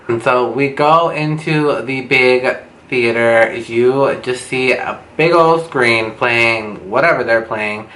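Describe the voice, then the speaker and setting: A man's voice: medium pitch, takes it slowly, fairly bright tone. A young man telling a casual storytime in a dramatic, gossipy, profane way, recorded on a camera mic at home. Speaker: beauty vlogger. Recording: roomy with faint background noise.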